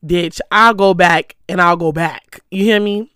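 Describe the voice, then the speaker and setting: A lively vlogger spills gossip to the camera, cursing often and jumping between stories. The voice comes across bright and smooth, recorded dry and close on a stand mic in a small room at home. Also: medium pitch, a little slow, no echo. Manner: animated, profane, gossipy storytelling. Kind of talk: casual chat to the camera. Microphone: stand mic close to the speaker.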